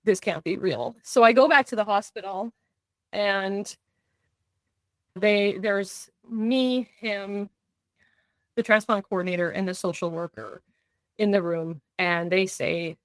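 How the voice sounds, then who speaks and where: With a steady, fairly bright mid-range voice, a middle-aged woman speaks slowly and pauses often as she shares a personal story on a podcast. Her earnest telling keeps drifting into quoted dialogue, and tension brings restarts and fillers. There's no echo.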